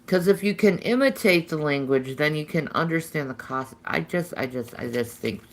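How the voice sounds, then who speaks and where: A woman's voice: deep voice, lively intonation, normal speed, few pauses. A woman chatting casually with viewers on a live stream, answering comments and cooing to her pets now and then.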